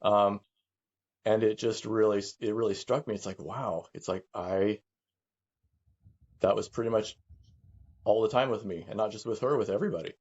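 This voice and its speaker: A middle-aged man speaking candidly as a guest, halting and reflective, often repeating words as he works through his thoughts. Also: on the low side, a little mellow, breathy edge, muffled recording. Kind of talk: candid conversation.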